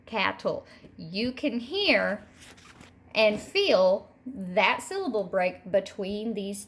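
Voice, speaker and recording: A woman teacher leads a recorded phonics lesson for young children. Her pitch sits mid-range, and she speaks at an unhurried, deliberate pace. She repeats each word slowly so the class can follow. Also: gravelly. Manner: slow, patient, repeats each word twice. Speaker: third grade teacher.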